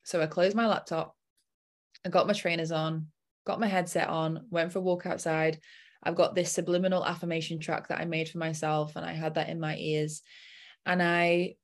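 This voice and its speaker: A woman's voice: fairly low pitch, little pitch movement, normal speed. A young adult woman coach telling a personal story in a casual chat and acting out her own inner voice.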